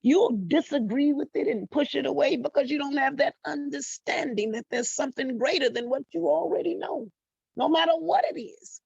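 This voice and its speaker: A woman's voice: sits high, moderate pace, vocal fry, a little mellow, dry recording. A middle-aged woman life coach giving a motivational monologue, emphatic and blunt, repeating her phrases and swearing freely. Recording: dull dry lo-fi recording.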